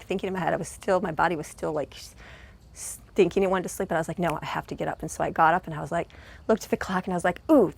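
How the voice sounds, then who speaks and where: A woman's voice: fairly low pitch, gravelly. A middle-aged woman talking in a casual vlog, earnest and emotional, rambling with many restarts and heartfelt thanks. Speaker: vlogger and mother.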